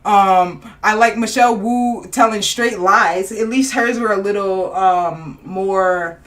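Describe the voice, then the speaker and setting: Boston woman co-host, animated and slangy, laughs a lot; mic set back a little. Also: mid-range voice, slow, distant mic. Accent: Boston (Roxbury). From Boston, USA. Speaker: podcast co-host. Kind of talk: casual podcast chat.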